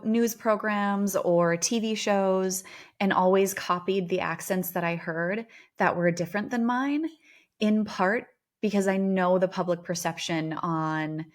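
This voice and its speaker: A woman with a Minnesotan accent, a therapist hosting her own podcast, talking in a candid, self-reflective, conversational way. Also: lowish voice. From Minnesota, USA. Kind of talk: reflective solo podcast talk.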